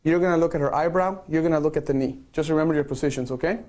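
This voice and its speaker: A man's voice: fairly high pitch, rapid-fire, a little mellow. A man directing a group photo shoot on a live stream, playful and coaxing, checking in with "okay" after each instruction.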